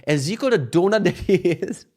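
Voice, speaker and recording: A man in his thirties telling a casual story to camera for his vlog, animated and profane, acting out quotes along the way. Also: high voice, moderate pace. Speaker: vlogger.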